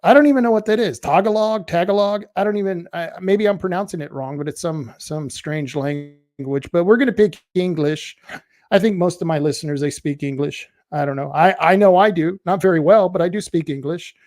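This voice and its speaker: Man, slightly high voice, blunt, sarcastic, casual livestream host, dry close sound. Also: normal speed, darkish tone, no room sound. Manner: blunt, sarcastic, talks back to online commenters. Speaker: host of a local political web show.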